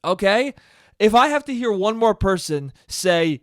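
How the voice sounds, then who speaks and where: A man's voice: high voice, animated, unhurried, smooth, no room sound, studio quality. Sarcastic American man on a profane rant. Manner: profane, sarcastic, exasperated ranting. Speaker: podcast host. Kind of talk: solo comedic rant.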